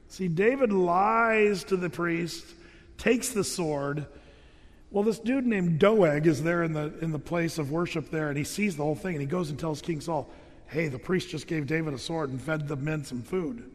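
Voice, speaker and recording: A man delivers a sermon with a high, bright-toned voice. He tells the story with lively energy and slips into the characters' voices as he goes. His words ring out with a long reverb off the walls of a church hall. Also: normal speed. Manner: storytelling, acting out voices with rising pitch. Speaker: pastor.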